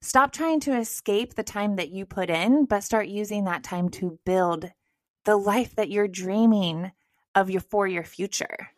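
Woman co-host in her thirties, mid-pitched voice, encouraging and direct, dry close sound. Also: unhurried, no room sound. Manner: encouraging, direct, addresses listeners as "girl" and "you guys". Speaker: podcast co-host. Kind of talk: casual motivational chat.

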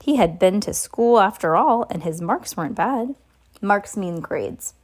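A woman's voice: mid-range voice, animated, unhurried, a little mellow. A woman reading a novel aloud in an unpolished way, with slips and asides to a listener. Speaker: reader.

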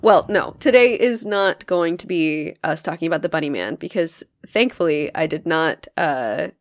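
A woman's voice: deep voice, expressive, moderate pace, dry recording, clean studio sound. A young woman co-hosting a podcast, chatting casually and playfully and laughing often. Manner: giggly, playful, tells the episode's topic. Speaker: podcast co-host. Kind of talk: casual chat.

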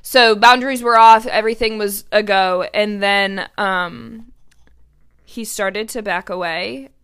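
A woman's voice: medium pitch, fairly even intonation, slow pace, a bit bright, clean tone. A young woman, hosting a podcast and telling a personal story in a chatty, blunt, profane way, full of "like". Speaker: podcast host.

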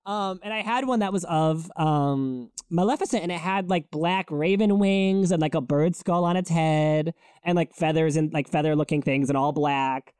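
Podcast co-host, male, lively storyteller, dry close mic. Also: moderate pace, hardly any pauses, smooth, dry recording. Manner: animated storyteller, acts out quotes in a higher voice. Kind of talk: casual chat.

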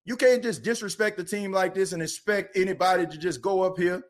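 A fired-up man rants on a sports podcast. His voice sits high for a man, and he keeps circling back and repeating himself as his passion builds. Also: fairly quick. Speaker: podcast host.

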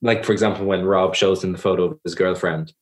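A young Irish man with a low, deep voice talks through his answers slowly and thoughtfully. He often stops to rephrase, and he sounds like an actor reflecting on his work in an interview. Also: steady tone. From Ireland. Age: young adult. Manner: thoughtful, measured, self-correcting. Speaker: actor guest. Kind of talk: podcast interview.

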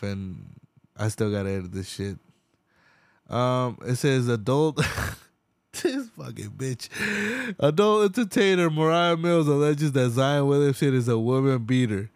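A man's voice: mid-range voice, measured pace, clear, resonant tone, dry recording. A man hosting a podcast, ranting casually in a rambling, profane way and laughing often. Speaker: podcast host. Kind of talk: casual rant.

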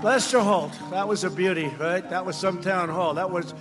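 A man giving a campaign rally speech on a stage microphone, boastful and mocking, repeating himself and often shouting. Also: high-pitched, normal speed, over music. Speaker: political speaker at a rally. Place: large rally before a crowd.

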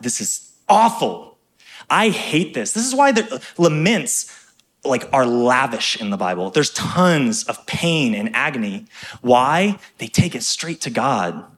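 Man preaching an energetic sermon. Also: mid-range voice. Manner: energetic preaching with emphatic rises and quick asides. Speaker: pastor.

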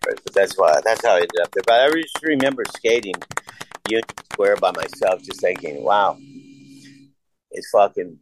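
A man's voice: sits low, lively intonation, fairly quick, background noise. A man casually telling rambling, profane stories and acting out the dialogue. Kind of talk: casual conversation.

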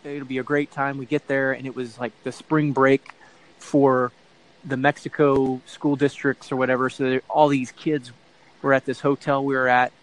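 In a casual interview, a middle-aged man tells a long, rambling anecdote, correcting himself as he goes and acting out the voices he quotes. His mid-range voice keeps a level tone at normal speed, and the recording is rough.

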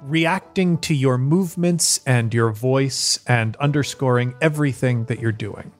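A game master narrating a tabletop game in a measured, ceremonial way. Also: mid-range voice, faint music behind. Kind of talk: slow, solemn in-world narration for a tabletop game.

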